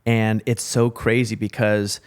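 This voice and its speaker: Excitable man co-hosting a podcast. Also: on the low side, measured pace, clear, resonant tone. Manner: excited, rambling, swears casually. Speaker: podcast co-host. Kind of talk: casual podcast chat.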